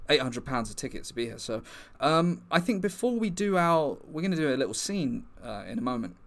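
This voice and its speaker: A man's voice: a little high, very animated, brisk, fairly bright tone. A young man hosting an improvised comedy livestream, rambling through mock-earnest bits.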